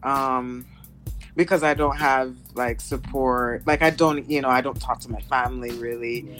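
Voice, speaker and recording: A guest musician in a casual interview, speaking haltingly with many fillers and restarts over a remote call. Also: mid-range voice, steady tone, fairly bright tone, faint music behind.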